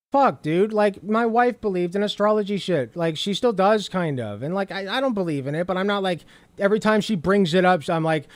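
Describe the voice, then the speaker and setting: A male commentator reacting to a clip with sarcasm and plenty of profanity. His voice sits high and jumps around a lot. The sound is close and dry, with no room around it. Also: no echo. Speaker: host.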